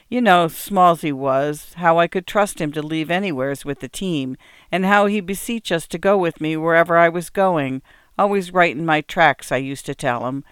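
A woman's voice: deep voice, clean tone, no room sound, clean studio sound, natural voice. A woman doing a kindly old-time farmer man. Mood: sad. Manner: old rural dialect speech, earnest and homely. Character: kindly hardworking farmer man, cheerful yet grieving.

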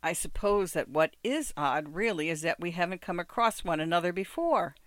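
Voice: mid-range voice, expressive, normal speed, no echo, lightly acted. A reader voicing a proud, guarded woman who speaks precisely and with brittle irony to a former lover, in a dry recording.

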